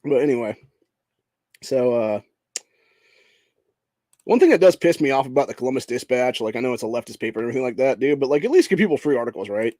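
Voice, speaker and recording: Profane, fast-talking angry young man. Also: mid-range voice, expressive, dark tone, no echo, studio quality. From Ohio. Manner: profane, heated, keeps saying "dude". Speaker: political podcast host. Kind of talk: angry political rant.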